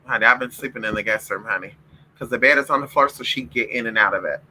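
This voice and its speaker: A man's voice: medium pitch, fast talker, pushed and bright, slight background noise, rough recording. A man vlogging casually late at night, loose and profane, calling his viewers honey and y'all and cooing at his puppies in between. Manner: coos and scolds his puppies in a playful pet-talk voice.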